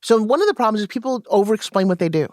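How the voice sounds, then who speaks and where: A woman guest and sales coach, telling stories in an animated way and acting out quoted dialogue in a podcast interview. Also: medium pitch, very fast, dry recording, clean studio sound.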